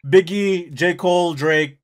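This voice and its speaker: A man hosting a music reaction video, talking in an excited, slangy way and calling people "dude" and "bro". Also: high voice, measured pace, crowd noise. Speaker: reaction channel host.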